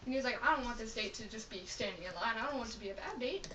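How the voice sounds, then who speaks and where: A woman's voice: a little high, animated, racing, background noise. A young woman telling a long, rambling joke to friends, in a chatty way with fillers. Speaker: joke teller. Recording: echoey room from far off.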